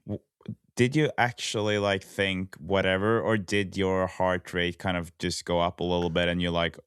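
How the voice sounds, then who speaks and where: Man, podcast host, very smooth resonant voice, dry sound, halting questions. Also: low-pitched, level tone, fairly bright tone, no echo. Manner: brief backchannels, halting follow-up questions. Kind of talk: interviewing.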